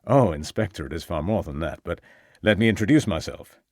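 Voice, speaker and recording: Brief: hearty, outgoing American gentleman collector, done by a male narrator, lively swooping delivery, dry close sound. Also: deep voice, fairly quick, no echo, pitched below the performer's own voice. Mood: expansive.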